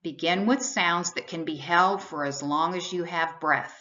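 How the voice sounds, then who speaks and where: Bright, slow-spoken woman explaining phonics. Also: fairly low pitch. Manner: measured, explanatory delivery. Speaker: reading instructor. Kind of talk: scripted instructional narration. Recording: slightly dull, lo-fi voice-over.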